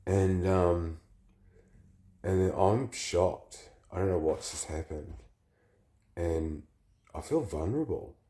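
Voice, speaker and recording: A man with the flu, telling a personal story in a halting, rambling, confessional way. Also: sits low, warm tone. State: sick with the flu.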